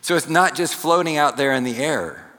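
A man preaching a sermon, teaching slowly and deliberately with asides to the congregation. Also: fairly high pitch, a bit bright. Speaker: pastor. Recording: long hall reverb.

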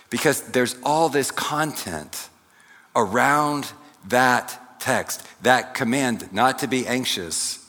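A man preaching a sermon, teaching slowly and deliberately with asides to the congregation. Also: mid-range voice, pushed and bright. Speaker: pastor. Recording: long hall reverb.

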